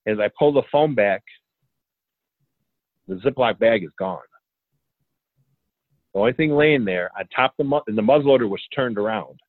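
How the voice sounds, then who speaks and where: A man telling a story in a casual, animated way, acting out the dialogue and chuckling as he goes. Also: lowish voice, moderate pace, long pauses, no room sound. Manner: animated, acts out quoted dialogue, chuckles often. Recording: tinny phone line, dry.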